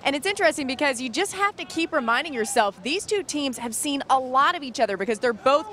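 A woman's voice: sits high, lively intonation, quick pace, bright, forceful tone. A woman giving an upbeat, fluent sideline report at a paintball tournament. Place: outdoor paintball field.

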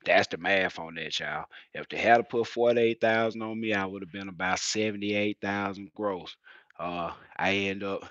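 A man who drives heavy-haul trucks, chatting casually on a livestream as an animated storyteller who laughs often. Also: low voice, moderate pace, dry recording, highs cut off.

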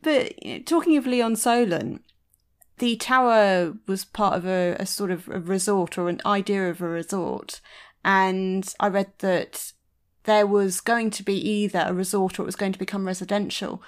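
A woman's voice: medium pitch, normal speed, clean tone. A woman podcast host interviewing an author, chatty and enthusiastic, with many fillers. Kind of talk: casual interview chat.

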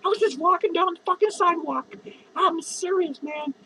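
A man's voice: very high-pitched, normal speed, bright, forceful tone, slight background noise, heavily acted, poor audio. A man playing a drunk, foul-mouthed lonely clown who rambles, slurs and giggles through a comedy monologue. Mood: drunk, rambling. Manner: slurred, rambling, swearing constantly, giggling. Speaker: comedy character performer.

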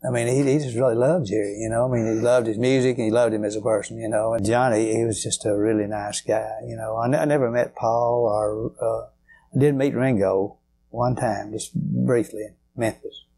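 A man's voice: mid-range voice, fairly even intonation, fairly quick, warm tone, a little hiss or hum. An older man, telling rambling, folksy stories as a guest in an interview. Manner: rambling, folksy, many fillers. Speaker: guitarist guest. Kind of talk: storytelling interview.

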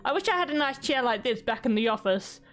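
A woman's voice: fairly high pitch, animated, fast talker, fairly bright tone, faint music behind. A young woman doing chatty, giggly let's-play commentary, reading game text aloud. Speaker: game streamer.

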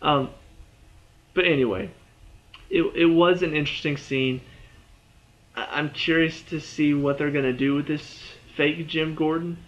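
A man's voice: fairly high pitch, fairly even intonation, measured pace, long pauses, fairly bright tone, muffled recording. A man giving a casual, rambling spoken review of a TV episode, full of "you know" and "like".

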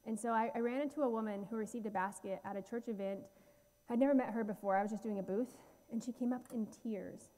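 A woman's voice: fairly high pitch, fast, dark tone, in a large hall. A woman guest speaker giving a heartfelt church talk about slides, earnest and full of fillers and restarts. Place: church sanctuary.

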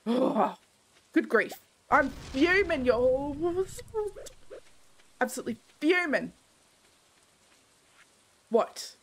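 A woman's voice: high-pitched, lively intonation, very slow, pauses often, a little hiss or hum. A young woman commenting casually while streaming a game, grumbling to herself in theatrical exasperation.

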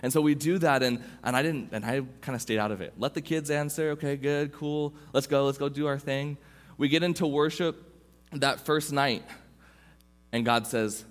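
A young man gives a sermon in an easygoing, storytelling way, often restarting his sentences. His voice sits at an ordinary middle pitch. A long reverb from the church hall trails after his words. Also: normal speed. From Southern California. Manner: informal, personal storytelling with restarts. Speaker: youth pastor. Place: church sanctuary.

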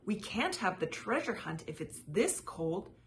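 A woman's voice: mid-range voice, big pitch swings, a little slow. A woman voicing a motherly aunt groundhog who exclaims in concern.

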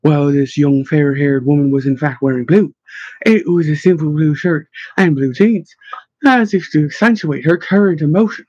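A man reading a story aloud in measured, expressive narration. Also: on the high side, breathy edge, no room sound, dull audio. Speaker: audiobook narrator. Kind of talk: scripted narration.

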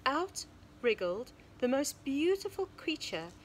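A preschool teacher, a woman, reading a picture book aloud to young children in a sing-song storybook voice with hushed asides. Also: high-pitched, big pitch swings, takes it slowly, a little hiss or hum. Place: home or classroom, recording online lesson.

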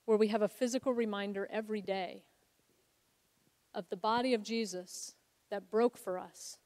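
A woman's voice: mid-range voice, fairly even intonation, normal speed, darkish tone. A woman preaching a sermon as co-founder of a ministry, telling a Bible story in an earnest, reflective way. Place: church sanctuary. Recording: long hall reverb.

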